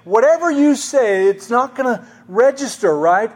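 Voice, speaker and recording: Pastor, male, high voice, chatty sermon delivery with questions to the room. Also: lively intonation, moderate pace, few pauses. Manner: conversational, asks the congregation questions.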